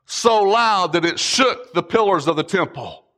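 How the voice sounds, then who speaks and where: Male preacher, impassioned sermon, slightly high voice, middle-aged. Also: big pitch swings, normal speed. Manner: impassioned preaching, shouting at peaks. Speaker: pastor.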